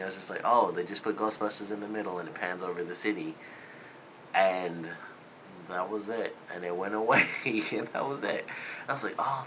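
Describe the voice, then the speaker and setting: A man's voice: fairly low pitch, bright, forceful tone, slight background noise, poor audio. A man giving a casual spoken movie review, rambling loosely with lots of "like" and "you know.".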